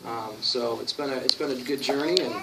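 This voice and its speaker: A man telling stories from his work as a church planter at a conference talk, animated and acting out the people he quotes. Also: mid-range voice, brisk. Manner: storytelling, animated, acts out quotes. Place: conference room. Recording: distant mic with noticeable hiss.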